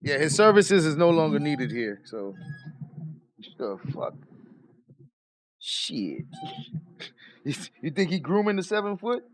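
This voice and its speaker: A man telling a story in a casual rant, profane and animated, breaking into laughter as he talks. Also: fairly high pitch, takes it slowly, long pauses, no room sound. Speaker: streamer.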